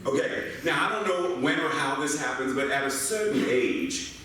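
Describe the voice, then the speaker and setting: In a church sanctuary, an older American minister with a mid-range voice preaches at a moderate pace over a noisy background. His sermon is full of animated, playful anecdotes and rhetorical questions aimed at the congregation, recorded from afar on an echoey hall mic.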